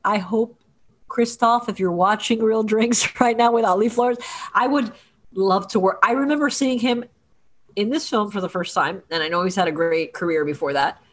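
A woman chatting casually as a podcast guest, enthusiastic and quick in banter. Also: mid-range voice. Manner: enthusiastic, laughing, fast banter. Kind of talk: casual chat.

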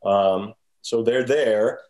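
A man's voice: fairly low pitch, drawn-out words. A man in casual chat, animatedly retelling film scenes as a podcast co-host. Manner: animated storyteller who acts out scenes.

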